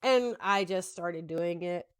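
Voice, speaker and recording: A woman's voice: fairly low pitch, slow, clear, resonant tone. Rambling woman chatting through her makeup. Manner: rambling, self-deprecating, talks to husband between steps. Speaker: makeup vlogger. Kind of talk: casual chatty makeup tutorial.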